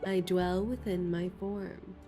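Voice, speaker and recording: A woman's voice: on the low side, steady tone, slow pace. A woman streamer giving playful, slangy commentary while playing a game. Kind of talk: casual game playthrough commentary. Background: game music.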